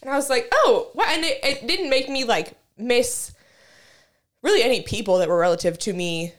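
A woman's voice: a little high, moderate pace. A young woman co-hosting a casual podcast chat, telling stories, swearing freely and laughing often. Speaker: podcast co-host. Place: lived in a place with basements, now in Texas.

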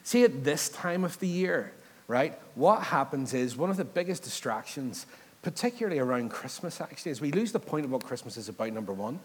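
A man's voice: mid-range voice, very animated, a little fast, breathy edge. A man, preaching a casual sermon, joking and asking the congregation questions. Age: 30s. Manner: chatty, joking, asks the crowd questions. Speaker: pastor. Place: church hall. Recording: long hall reverb.

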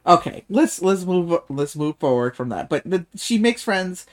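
Male podcast co-host, lively casual recap voice, sarcastic and loose, given to laughing and swearing. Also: high-pitched, normal speed. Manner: animated, swears, laughs often. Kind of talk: casual book discussion.

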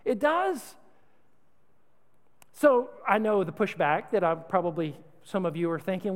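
Animated high-voiced male preacher. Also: measured pace, long pauses, big-room sound. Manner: animated, conversational, humorous, exhorting. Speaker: pastor. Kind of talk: sermon.

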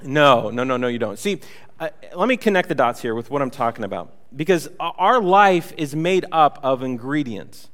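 A man's voice: mid-range voice, big pitch swings, normal speed, a bit bright, big-room sound. A man preaching a sermon as pastor, conversational and joking, with many fillers and restarts. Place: church hall.

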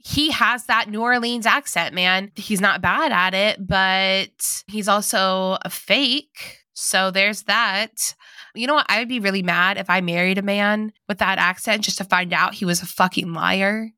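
A woman co-hosting a movie recap chat, playful and crude in her jokes. Her voice is bright and forward, recorded dry and close. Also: medium pitch, unhurried, clean tone, no room sound. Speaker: podcast co-host.

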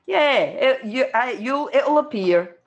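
A woman's voice: high voice, lively intonation, takes it slowly, highs cut off. Wry, laughing Scottish woman. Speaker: guest. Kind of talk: casual interview chat.

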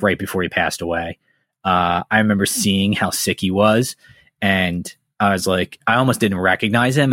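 A man's voice: deep voice, a bit bright, dry recording, clean studio sound. A man hosting a podcast in casual chat, telling personal stories candidly, swearing freely and getting heated. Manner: candid, profane, heated storytelling. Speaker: podcast host.

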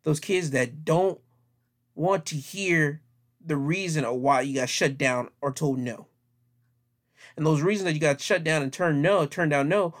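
A man giving opinion commentary in a vlog, talking in an emphatic, plainspoken and repetitive way. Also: on the high side.

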